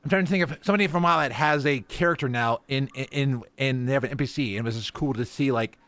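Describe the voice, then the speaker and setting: A podcast host chats casually and enthusiastically, frequently stopping and restarting his sentences in a halting way. His voice is medium-pitched and fairly bright, with no echo.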